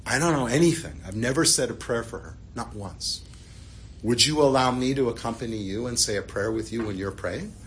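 A man's voice: medium pitch, animated, a little fast, fairly bright tone, a little hiss or hum, lightly acted. A man doing a big jovial grieving guy. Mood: tender.

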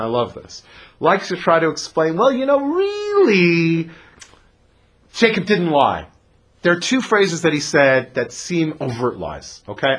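Lively, husky-voiced man teaching a class. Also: medium pitch. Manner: animated, conversational, asks the class questions. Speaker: teacher leading a text study class. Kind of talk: lively classroom lecture with questions to students.

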